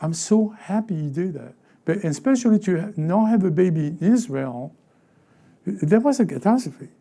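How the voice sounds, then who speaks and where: Gravelly, very dark-voiced pastor preaching. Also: male voice, sits high, lively intonation, moderate pace. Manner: acts out short quoted voices, asks the congregation rhetorical questions; repeats words and restarts phrases. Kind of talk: sermon. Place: church sanctuary.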